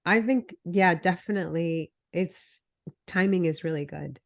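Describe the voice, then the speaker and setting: A woman's voice: fairly low pitch, a little slow, gravelly. Female co-host with a cold, nasal and congested, casual and self-deprecating. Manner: chatty, self-deprecating, tells stories. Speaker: podcast co-host, health coach. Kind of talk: casual chat.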